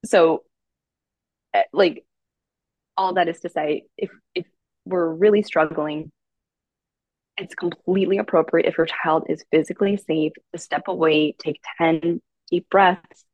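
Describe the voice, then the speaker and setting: Woman, parenting coach, low voice, dry close podcast recording, patient and explanatory. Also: measured pace, pauses often, no echo, dull audio. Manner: calm, explanatory, uses many fillers. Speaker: parenting educator guest. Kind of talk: casual advice chat.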